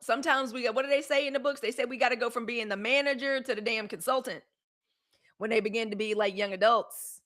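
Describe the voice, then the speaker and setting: A woman's voice: a little high, quick pace, a bit bright. A woman, hosting a live news show in a dramatic, testifying way. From Mississippi, US. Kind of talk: casual livestream chat.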